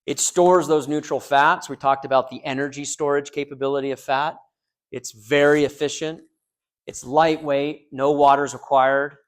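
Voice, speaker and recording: A man's voice: a little high, fairly even intonation, moderate pace. A man lecturing a small university class, joking and quizzing students, with frequent restarts. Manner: joking, asks the class questions, repeats students' answers; frequent restarts and fillers, loose conversational delivery.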